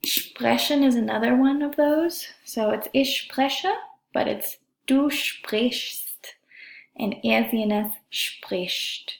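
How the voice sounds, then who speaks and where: A woman's voice: sits high, creaky. A woman teaching a German grammar lesson, carefully drawing out each example word. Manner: slow, careful, drawn-out pronunciation of examples. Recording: echoey room.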